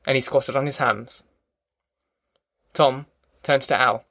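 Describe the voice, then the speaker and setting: Male audiobook narrator; mid-pitched, even and measured, recorded dry and close. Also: dry recording. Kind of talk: scripted narration.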